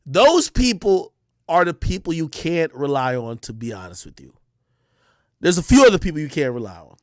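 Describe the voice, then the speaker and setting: A man's voice: a little high, sing-song, normal speed, no echo, clean studio sound. A man streaming and ranting casually, profane and slangy, often repeating himself. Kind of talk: casual livestream rant.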